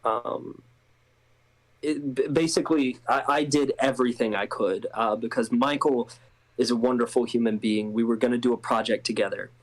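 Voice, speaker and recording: A man with a steady, mid-range voice is interviewed as a guest actor, talking casually at a moderate pace. He comes across as hesitant, with many restarts and laughs, on a low-quality recording.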